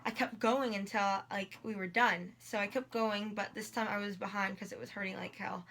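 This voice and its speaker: A woman's voice: medium pitch, steady tone, brisk, vocal fry, pushed and bright. A teenage girl telling a long personal story in a casual vlog, rambling with many likes and ums while in pain. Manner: rambling, lots of likes and ums, quotes people in dialogue. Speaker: vlogger.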